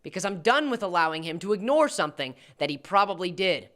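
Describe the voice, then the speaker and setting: An American man doing commentary in a sarcastic manner, jumping between loud jabs and low mutters. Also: big pitch swings, quick pace. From United States. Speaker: commentary YouTuber. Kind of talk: commentary video.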